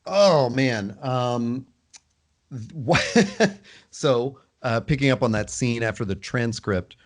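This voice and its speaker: A man co-hosting a podcast, talking casually and thoughtfully, often pausing and restarting his sentences. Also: mid-range voice, expressive. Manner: thoughtful, hesitant, many fillers and restarts. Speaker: podcast co-host. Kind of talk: casual book club discussion.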